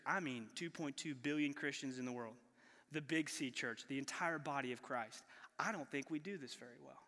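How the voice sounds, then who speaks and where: A man's voice: medium pitch, sharp tone, long reverb tail. A man pastor preaching a sermon in a conversational way, putting rhetorical questions to the congregation. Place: church sanctuary.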